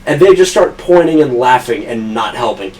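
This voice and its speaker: A man's voice: medium pitch, expressive, moderate pace, darkish tone, far from the mic, a little hiss or hum, low-quality recording. A young man hosting a podcast who tells long, rambling work stories full of swearing and laughs at his own punchlines. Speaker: podcast host. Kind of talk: casual storytelling chat.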